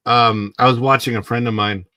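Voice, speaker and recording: A middle-aged man hosting a casual livestream from home, rambling in a sleepy, unhurried way with plenty of fillers as he greets viewers in the chat. He speaks into a clip-on mic close under his face. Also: mid-range voice, fairly even intonation, sharp tone, no room sound. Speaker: livestream host.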